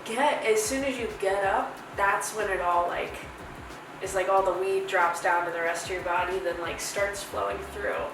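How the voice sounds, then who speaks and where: A woman's voice: mid-range voice, steady tone, normal speed, background noise. A young woman hosting a casual review vlog, chatty, rambling and playful. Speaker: host reviewing edibles. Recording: echoey room from far off with music.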